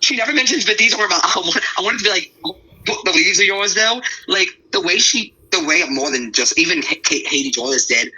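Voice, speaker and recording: Man, casual commentary, blunt, rambling, rapid delivery, sharp tone. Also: high-pitched, breathy edge, rough recording.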